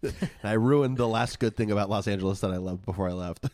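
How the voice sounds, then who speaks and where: A man's voice: lowish voice, fast, a little mellow, no room sound. A man co-hosting a casual podcast, joking and laughing often, a few beers in. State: tipsy from beer. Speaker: podcast co-host. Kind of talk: casual chat.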